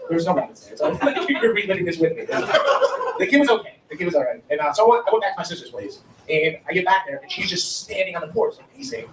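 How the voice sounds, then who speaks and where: A high, lively man from Ohio tells his stand-up stories in a rambling way and laughs along with his own jokes. He sounds a little far from the mic in a roomy, echoing venue. There is steady noise behind him. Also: fast talker. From Ohio, USA. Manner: rambling storytelling with frequent laughs. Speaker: stand-up comedian. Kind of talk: stand-up comedy set. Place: comedy club stage with audience. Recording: roomy, distant live venue recording.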